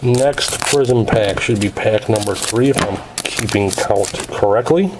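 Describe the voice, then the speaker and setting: A man's voice: on the low side, measured pace, background noise. A man casually narrating as he opens packs of trading cards, reading out each card's details in a methodical way. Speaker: card break host.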